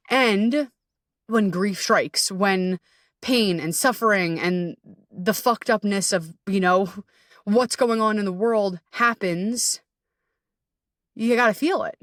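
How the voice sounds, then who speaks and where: A woman's voice: medium pitch, unhurried, fairly bright tone, dry recording, clean studio sound, recorded from a distance. A woman hosting a podcast as a coach, talking candidly and self-deprecatingly, swearing freely and laughing often.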